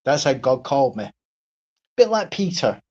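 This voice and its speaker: A man's voice: medium pitch, very animated, moderate pace, darkish tone, highs cut off. A man ranting on his own live stream, blunt and profane, repeating himself and asking "right?" again and again. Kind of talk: solo livestream rant.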